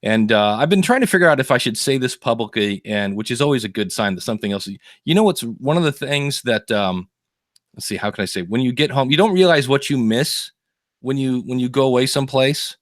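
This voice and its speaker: A man hosting a podcast, telling animated stories in casual chat and acting out the people he quotes. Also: medium pitch, a little fast, dry recording, clean studio sound. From United States. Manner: animated storyteller, acts out quoted voices. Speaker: podcast host.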